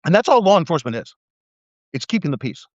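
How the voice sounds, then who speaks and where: Animated profane ex-cop man storytelling. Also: fairly high pitch, fast, dry recording, highs cut off. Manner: animated, acts out quoted voices, profane, laughs. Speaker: former police officer, livestream host. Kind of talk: casual storytelling monologue. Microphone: livestream mic.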